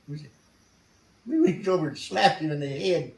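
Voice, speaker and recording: A man's voice: a little high, animated, normal speed, darkish tone, distant mic. Blunt older man telling war stories. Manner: blunt, salty, chuckling storyteller. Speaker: veteran interviewee. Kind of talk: storytelling interview. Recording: roomy sound from off mic.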